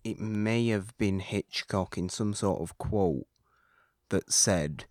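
Very low-voiced man musing on films. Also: takes it slowly, a little mellow, dry recording, studio quality. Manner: rambling, restarts sentences, thinks aloud. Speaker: podcast co-host. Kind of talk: casual film discussion.

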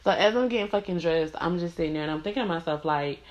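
Talking fast with lo-fi sound, a woman delivers a casual, profanity-laced storytime monologue directly to the viewer. Her voice sits low for a woman and rambles loosely, peppered with "like" and "you know," coming off as an unscripted personal tale.

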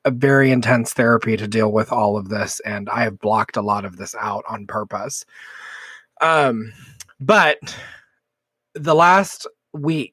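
A man from Texas, a podcast co-host, telling a personal story in casual chat with lively, vivid detail and some swearing. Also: mid-range voice, no echo. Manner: animated, vivid storyteller who swears freely.

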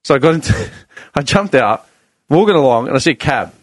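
A man's voice: medium pitch, a little fast, dry recording. A man telling a story in a casual chat, acting out both sides of the conversation. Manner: animated, acts out both sides of dialogue.

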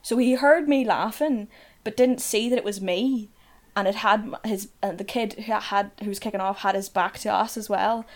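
A young woman with a Northern Irish accent spins casual anecdotes in a loose, chatty flow. She swears without a second thought and fills her sentences with "like". Her pitch sits in the middle range for a woman. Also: steady tone, moderate pace. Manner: chatty, swears freely, peppers speech with "like".

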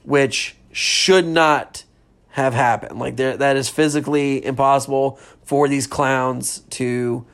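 A man's voice: mid-range voice, steady tone, takes it slowly, a bit bright, clean tone. Rambling man casually recapping a film. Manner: rambling, filler-heavy retelling with frequent swearing and laughs. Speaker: podcast host reviewing a film.

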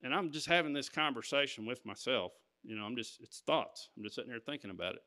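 A man's voice: mid-range voice, expressive, fast, sharp tone. A man preaching, telling a personal story to his congregation and stopping to ask "Amen?". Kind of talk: sermon testimony.

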